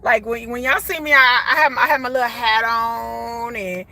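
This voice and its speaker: Lady in her 40s, chatty live stream from her parked car, phone held out, kinda high bright voice. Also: moderate pace, gravelly, no echo. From Texas. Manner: chatty, animated, often laughs and says y'all. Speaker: vlogger. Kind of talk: casual live-stream chat. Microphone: phone held at arm's length.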